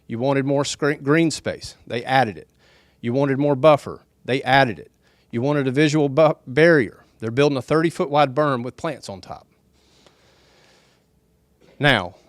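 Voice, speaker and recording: A middle-aged man, speaking earnestly and softly to residents at a town meeting. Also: mid-range voice, no room sound. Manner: soft-spoken, earnest, folksy. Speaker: developer's representative at a town hall. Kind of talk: public speech at a town meeting.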